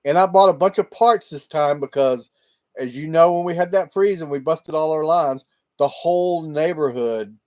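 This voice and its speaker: This livestream host uses a laptop microphone for a loose, rambling chat with viewers, punctuated by frequent laughter. He has a mid-range voice with a darkish tone.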